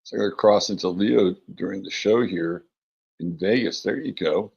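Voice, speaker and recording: Gravelly low-voiced man hosting a livestream. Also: normal speed, dull audio. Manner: relaxed, rambling, with many fillers. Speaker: astrology show host. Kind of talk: casual livestream chat, greeting chat viewers.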